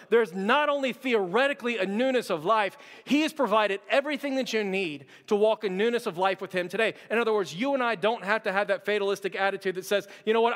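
Male pastor, high voice, chatty emphatic sermon delivery, long hall reverb. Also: fairly bright tone. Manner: conversational, emphatic, many "like" and repeated words.

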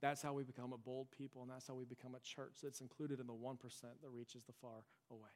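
A man's voice: mid-range voice, little pitch movement, fast, a little mellow. Young pastor guy preaching, earnest and chatty, tells stories, big church sanctuary with a long echo. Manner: earnest, conversational preaching with storytelling asides. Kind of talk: sermon. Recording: long church hall reverb.

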